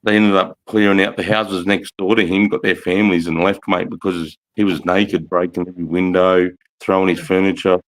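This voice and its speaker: A man's voice: sits low, flat delivery, fairly quick, hardly any pauses, rough recording. A man, telling a rambling story in casual livestream chat, swearing often and saying mate and bro.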